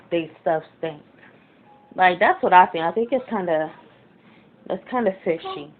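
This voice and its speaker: A woman vlogger giving rambling casual commentary, full of fillers. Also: fairly low pitch. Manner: rambling, chatty, many fillers. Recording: tinny phone-like audio with faint noise.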